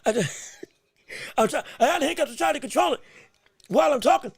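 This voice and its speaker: A man calling a fight blow by blow on his own livestream, excited and repetitive, restarting his phrases, with the hiccups and eating as he talks. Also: very high voice, brisk, dry recording. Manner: repeats himself, restarts phrases, eats and talks at once. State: has the hiccups. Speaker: podcast host giving live fight commentary.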